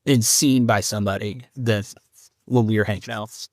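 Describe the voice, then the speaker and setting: A man hosting a solo podcast, talking haltingly and rambling as he grieves a close friend. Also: fairly low pitch, fairly even intonation, dry recording. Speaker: podcast host.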